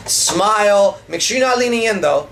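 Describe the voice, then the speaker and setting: A man's voice: high voice, moderate pace, slight background noise. A man coaching on dating in a casual seminar, swearing freely and acting out pickup lines as he explains them. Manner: profane, animated, acts out pickup lines.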